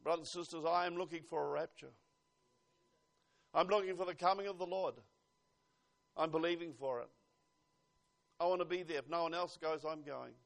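A man preaching a fervent sermon to a congregation, swinging between loud exhortation and hushed asides. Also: a little high, moderate pace, creaky, long pauses.

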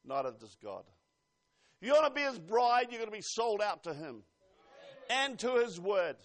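A man preaching a fervent sermon to a congregation, swinging between loud exhortation and hushed asides. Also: high voice, very animated, normal speed.

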